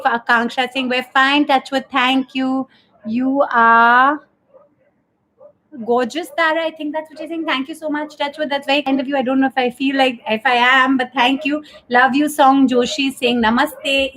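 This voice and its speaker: A woman hosts a live stream from home in a slightly high voice. She chats casually and fills her talk with "you know" and "um." A faint hum of room noise sits behind her. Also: fairly bright tone, low-quality recording. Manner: chatty, lots of "you know" and "um". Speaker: host of a live talk show. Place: home during lockdown.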